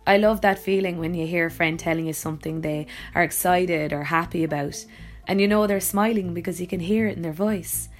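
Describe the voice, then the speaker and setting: A woman's voice: fairly low pitch, fairly quick, soft background music. A woman with an Irish accent, an actor and voice-over artist, reading her own blog post aloud in a reflective, wry and personal way.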